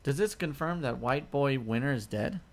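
A man's voice: medium pitch, moderate pace, a little hiss or hum. A man co-hosting a podcast in a casual, teasing chat, throwing out jokey jabs. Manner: teasing, jokey, mock-insulting. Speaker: podcast co-host.

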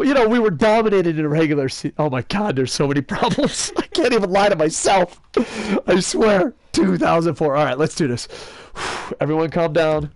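Brief: fairly high-voiced male gaming host, sarcastic, rambling, swears freely, dry close sound. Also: dry recording. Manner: rambling, joking rants with sarcasm and cursing; excitable, talks to a friend off-mic. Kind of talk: casual gaming commentary.

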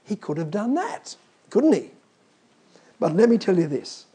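A man's voice: high voice, animated, moderate pace, dark tone, slightly rough. A man preaching a sermon, emphatic and calling out to the congregation.

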